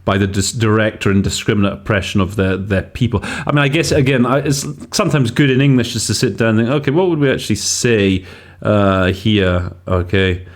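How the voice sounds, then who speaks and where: Low-voiced man musing over interpreting choices. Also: fairly quick. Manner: thinks aloud, hesitant with fillers and restarts. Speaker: host and interpreting teacher. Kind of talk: casual teaching podcast commentary.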